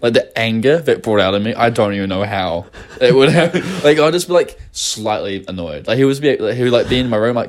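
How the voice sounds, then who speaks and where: A man's voice: mid-range voice, animated, quick pace. A young man co-hosting a casual chat, laughing often and rambling through funny stories. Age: young adult. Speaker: podcast co-host.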